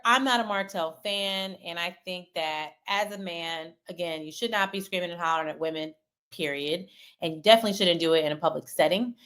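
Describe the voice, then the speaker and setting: Woman, low voice, measured, articulate, casual co-host. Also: a bit bright. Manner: measured, articulate, pushes back. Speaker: podcast co-host. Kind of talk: casual chat.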